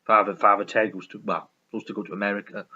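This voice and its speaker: He speaks quickly in a fairly low, pushed, bright voice that barely moves in pitch. Reviewing a sitcom casually on his vlog, the man rambles, swears, stumbles often, and laughs, and the recording is dull and lo-fi.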